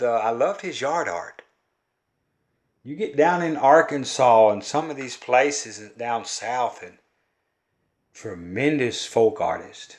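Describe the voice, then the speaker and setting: An older man with a Southern drawl from Kentucky and Louisiana talks straight to camera. His storytelling is homespun and earnest, and he rambles from one thought to the next. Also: mid-range voice. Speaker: folk-art vlogger and collector. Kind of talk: rambling folksy monologue to camera.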